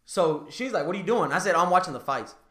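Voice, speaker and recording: In a reverberant recording, a man hosting a podcast talks at a quick pace while recounting a dating story over casual chat. Animated and laughing, he climbs high in pitch whenever his excitement builds.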